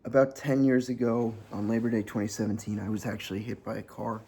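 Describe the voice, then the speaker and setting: Gravelly-voiced man in his thirties, vlogging. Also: lowish voice, little pitch movement, fast, warm tone, slight background noise. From New Jersey. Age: 30s. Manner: sarcastic, hesitant with frequent ums. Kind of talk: personal vlog monologue.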